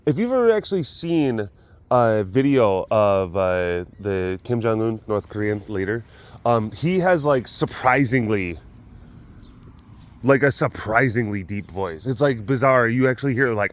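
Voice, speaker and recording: Speaking at a measured pace, this man has a fairly low, very animated voice. He hosts his own vlog from an animal facility and tells stories in a chatty, wandering style loaded with fillers.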